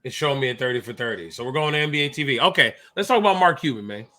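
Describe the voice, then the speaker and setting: Animated man chatting about basketball. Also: medium pitch, racing. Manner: animated, jokey, distracted mid-talk. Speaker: podcast co-host. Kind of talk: casual sports chat.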